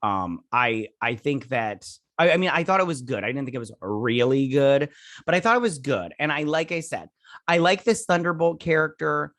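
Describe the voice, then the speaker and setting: A man talks through a TV episode recap, chatty and loose, with plenty of fillers and restarts. He slips into quick mimicking voices as he retells scenes. The recording is close and dry, with no room sound, and his voice sits at an ordinary middle pitch. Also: lively intonation, fairly bright tone, no echo. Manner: lots of fillers and restarts, rambling. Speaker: host reviewing a TV episode. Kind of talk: casual recap and review.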